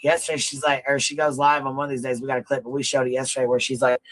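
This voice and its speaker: A man's voice: mid-range voice, little pitch movement, racing, a bit bright, dry recording, low-quality recording. A man ranting on a live stream clip, heated and full of swearing.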